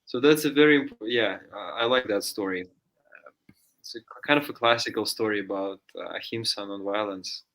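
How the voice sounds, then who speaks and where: Casting: bright, forceful male storyteller from Russia, loose and chatty, studio read. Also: lowish voice, moderate pace. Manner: chatty, many fillers, acts out voices in story. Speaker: guest storyteller. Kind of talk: casual spoken storytelling.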